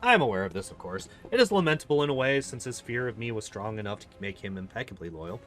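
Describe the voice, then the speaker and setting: A man's voice: on the low side, very animated, fast talker, a bit bright, faint music behind. Man reading as a haughty demon queen. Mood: regal. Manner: cold, mocking, regal. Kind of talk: reading game dialogue aloud.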